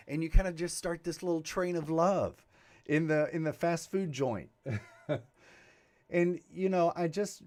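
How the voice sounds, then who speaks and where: A man giving a Sunday sermon on a livestream, talking casually with asides and laughs before leading a guided meditation. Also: mid-range voice. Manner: warm, conversational preaching with laughs and asides. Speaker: reverend leading a Sunday broadcast.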